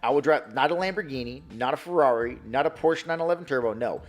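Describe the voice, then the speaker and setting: A man in his thirties from New York, chatting casually on a live stream, answering chat in a profane, excitable, rambling way. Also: mid-range voice, quick pace.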